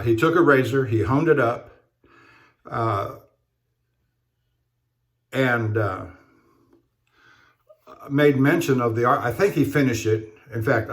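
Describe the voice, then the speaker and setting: A man talking casually while he shaves, in a halting, rambling way with many fillers and restarts. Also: mid-range voice, fairly bright tone. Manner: rambling storyteller. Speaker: straight razor shaving vlogger. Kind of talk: casual talk while shaving.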